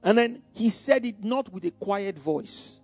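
A man preaching a sermon, calling out questions to the congregation and swinging from hushed tones to shouts. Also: high voice, expressive, measured pace, faint music behind.

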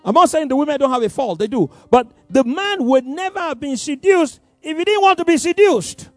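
A male preacher delivering a sermon animatedly, swinging from loud emphasis to soft asides and laughing between points. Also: very high voice, animated, fairly quick, no room sound, soft background music.

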